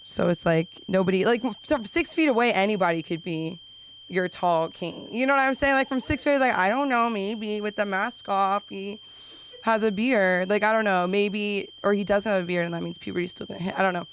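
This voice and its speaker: A young woman performs stand-up at an open mic in a small club. She rambles through her material, piling on quick self-deprecating asides, at a medium pitch. Faint room noise hangs under her voice. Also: poor audio. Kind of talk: stand-up comedy set.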